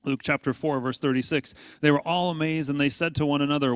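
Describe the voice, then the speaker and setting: A man's voice: on the high side, steady tone, quick pace, hardly any pauses, clear, resonant tone, no echo. A man preaching a sermon to his congregation in a conversational way, asking rhetorical questions and leaning hard on key points. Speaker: pastor.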